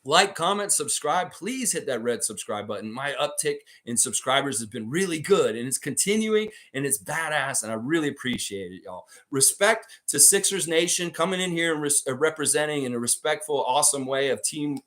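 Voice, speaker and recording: A man's voice: fairly high pitch, animated, moderate pace, hardly any pauses, fairly bright tone. A man hosting a casual basketball preview show, rambling and swearing with lots of fillers. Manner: rambling, profane, filler-heavy. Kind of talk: casual sports preview commentary.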